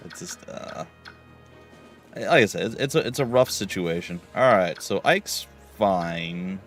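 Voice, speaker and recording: A man's voice: sits low, animated, measured pace, a bit bright, soft background music. A man streaming a game live, chatting casually and rambling with many fillers as he plays. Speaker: let's play streamer.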